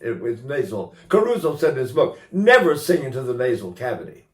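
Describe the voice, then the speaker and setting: A man's voice: mid-range voice, very animated, a little fast, reverberant. An older man teaching singing in a casual, rambling way, breaking into sung vowels to demonstrate.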